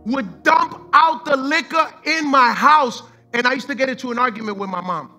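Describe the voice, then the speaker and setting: A man with a very high, sharp-toned voice preaches a sermon as pastor at normal speed, fervent and repetitive, with faint music behind him. He mixes in street slang and the occasional line of Spanish.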